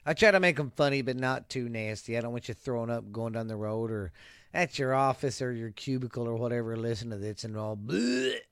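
A man's voice: medium pitch, a little fast, fairly bright tone, clean tone, dry recording, clean studio sound. A man hosting a casual solo podcast, talking in a loose, profane, rambling way and slipping into a mock tough-guy ad voice. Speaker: podcast host.

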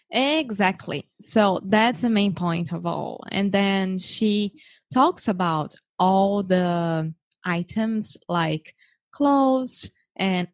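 A woman co-hosting a casual podcast chat, searching for her words in English and laughing often. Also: lowish voice. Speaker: co-host, English learner.

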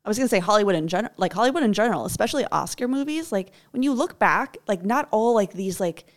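A woman co-hosting a podcast in casual chat, animated and laughing, quoting herself as she talks. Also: medium pitch, fast. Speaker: podcast co-host.

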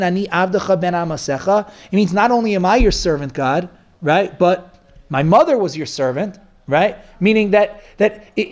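This is a lively teacher speaking in a mid-range voice, working through a Bible lesson. The delivery is animated, and Hebrew quotations are woven into the English explanation. Rhetorical check-ins to the listeners come up often. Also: mid-range voice. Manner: animated, keeps asking "right?". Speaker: Torah teacher.

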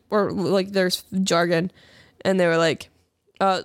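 A woman's voice: fairly low pitch, fairly even intonation, measured pace, no room sound, studio quality. A young woman co-hosting a podcast, telling stories in a chatty, rambling way with lots of fillers. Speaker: podcast co-host. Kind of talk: casual chat.

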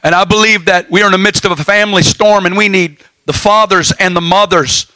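Male preacher, high and bright, fervent exhorting sermon delivery, laughs often, dry close sound. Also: steady tone, a little fast, few pauses, no echo.

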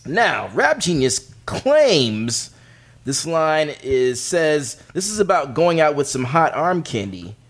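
Animated man explaining on a podcast. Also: on the high side, slow pace. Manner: animated, explains with many restarts. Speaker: podcast co-host presenting a segment. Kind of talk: casual podcast banter. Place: studio table with co-hosts.

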